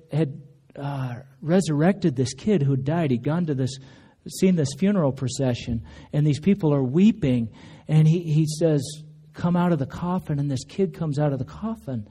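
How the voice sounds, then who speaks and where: A man's voice: dark tone, breathy edge. A man preaching a sermon in church, telling stories conversationally and acting out quotes. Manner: conversational storytelling, acts out quotes with raised pitch. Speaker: pastor. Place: church sanctuary.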